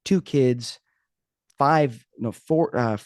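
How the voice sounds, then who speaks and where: A man's voice: medium pitch, extremely slow, dry recording, studio quality. A man hosting a podcast, talking casually in a joking, rambling, self-mocking way. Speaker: podcast host. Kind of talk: casual podcast intro monologue.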